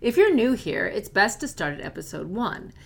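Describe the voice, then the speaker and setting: A woman's voice: a little high, big pitch swings, moderate pace, gravelly. A woman co-hosting a podcast, giving a friendly, upbeat introduction to the episode. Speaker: podcast co-host.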